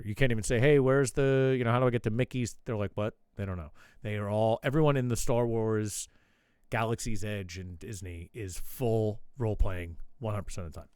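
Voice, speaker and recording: A man's voice: on the low side, darkish tone, dry recording. A man hosting his own show, telling a rambling, profane story in casual chat. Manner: swears a lot, rambling asides. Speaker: show host.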